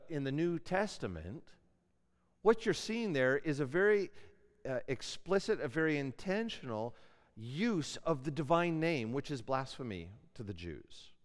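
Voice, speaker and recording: Man lecturing in a reverberant hall. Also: on the high side. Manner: conversational, asks the class questions. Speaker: Bible lecturer. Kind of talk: classroom lecture.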